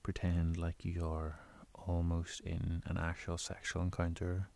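A man in his bedroom giving casual spoken tips on voice recording, explaining in a relaxed, rambling way. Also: deep voice, measured pace, gravelly. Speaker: audio creator giving tips. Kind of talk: casual instructional talk.

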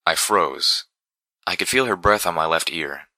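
Deep male narrator, very bright edgy timbre, dry close mic, steady dramatic reading. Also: a little slow, no echo. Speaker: audiobook narrator. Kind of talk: first-person fiction narration.

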